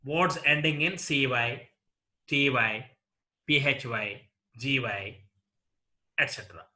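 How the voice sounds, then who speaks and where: A male college lecturer with an Indian English accent, teaching word stress slowly and deliberately, repeating each example word as a drill. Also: medium pitch, pushed and bright.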